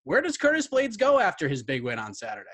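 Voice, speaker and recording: A man with a slightly raised voice hosts a podcast panel. He moves things along briskly, framing each question before handing it off. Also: sits high, wildly swooping pitch, a bit bright. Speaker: host.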